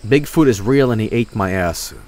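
A young man streaming a video game, swearing and reacting loudly to what happens on screen. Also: lowish voice, normal speed. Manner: excitable, swears a lot, yells at the game. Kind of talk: live game commentary.

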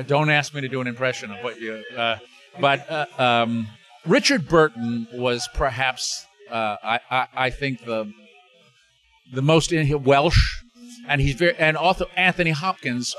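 Bright-voiced older man rambling. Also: mid-range voice, moderate pace, faint music behind. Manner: rambling, many restarts and fillers. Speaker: interview guest, actor. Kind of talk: casual interview chat.

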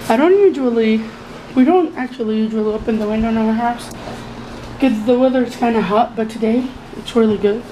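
A woman's voice: a little high, a little fast, warm tone, a little hiss or hum, rough recording. A young woman chatting casually in a home vlog, talking hesitantly with many fillers and restarts. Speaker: vlogger. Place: home bedroom with window open.

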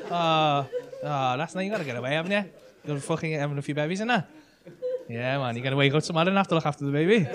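High-voiced comic roasting the crowd. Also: male voice. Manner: brash, sweary, teasing banter with audience members. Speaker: stand-up comedian. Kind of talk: stand-up crowd work. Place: comedy club stage. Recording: live club set with loud audience laughter.

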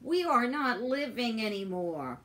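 Slow-talking older woman ranting. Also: on the high side, very animated, fairly bright tone. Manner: agitated, swearing, repeating herself. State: stressed and upset. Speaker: vlogger. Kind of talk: angry personal rant to camera.

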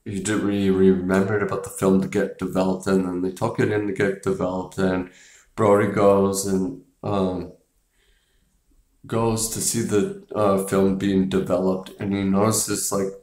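A man's voice: low voice, flat delivery, unhurried, darkish tone. A man hosting a casual movie review, rambling with profanity and filler words. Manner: rambling, profane, laughs and acts out scenes. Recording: echoey room.

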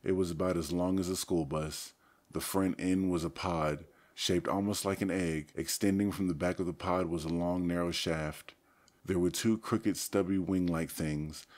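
A man with a very low, deep voice reads a story aloud in the first person. His delivery is steady and casual, like a teenager telling what happened. The narration is an audiobook reading.

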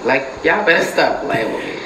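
A woman's voice: very deep voice, animated, fairly quick, reverberant, background noise. A middle-aged woman and mother, talking casually at home, exasperated and swearing as her family plays a prank on her. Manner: exasperated, repeats "what?", swears.

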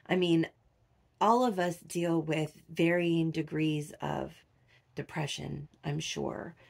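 Middle-aged lady chatting to her followers, soft and rambly, kinda low voice. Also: steady tone, takes it slowly, vocal fry, breathy edge. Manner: soft-spoken, rambling with many fillers. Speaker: doll collector vlogger. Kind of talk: casual chat to camera.

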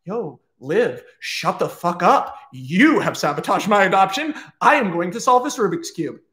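A man voicing a desperate teenage foster boy in a spoken movie pitch, pleading over and over. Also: big pitch swings, moderate pace, pushed and bright, full character voice. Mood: irritated. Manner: pleading, repetitive.

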